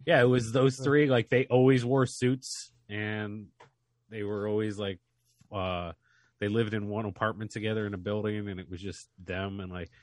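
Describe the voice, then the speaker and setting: A man co-hosting a podcast, talking in excitable, rambling casual chat and swearing freely. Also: on the low side, normal speed, no room sound. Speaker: podcast co-host.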